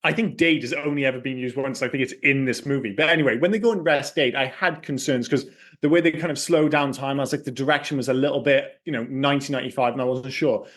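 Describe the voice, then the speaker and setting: A man's voice: medium pitch, fast, hardly any pauses, a bit bright. A man co-hosting a podcast, chatting casually about an old film, rambling, correcting himself and swearing freely. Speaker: podcast co-host.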